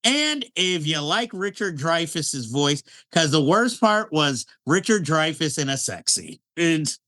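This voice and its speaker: A man with a high, very lively voice and a bright, sharp edge talks through a film in a relaxed podcast chat. He is animated, laughs often and keeps breaking off to restart his sentences. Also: unhurried. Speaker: podcast co-host. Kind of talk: casual film review chat.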